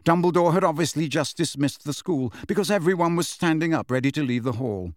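A man reading a story aloud as an audiobook narrator, steady and measured. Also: on the high side, no room sound, clean studio sound.

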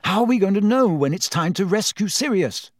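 A man's voice: sits high, lively intonation, brisk, dry recording, studio quality, pitched above the performer's own voice. A man reading aloud voices a restless, determined teenage boy wizard, tense and insistent. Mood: pleading.

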